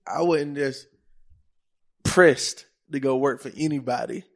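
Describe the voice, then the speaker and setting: A man's voice: medium pitch, measured pace, creaky. Laid-back storytelling podcast host, a man. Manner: loose, storytelling, heavy slang. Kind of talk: casual podcast chat.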